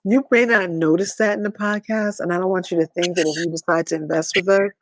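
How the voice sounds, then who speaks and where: A woman's voice: lowish voice, fairly even intonation, fast, no room sound. A middle-aged woman co-hosting a coaching podcast, asking reflective questions in casual chat and laughing often.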